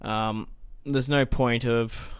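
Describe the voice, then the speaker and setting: A young man talks through a game he is playing, thinking aloud in a relaxed, rambling way and dropping the odd swear word. His voice is smooth and clear, at an ordinary middle pitch. It is recorded close and dry, with no room sound. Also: takes it slowly, no echo. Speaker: gaming let's-play host. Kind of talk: casual gameplay commentary.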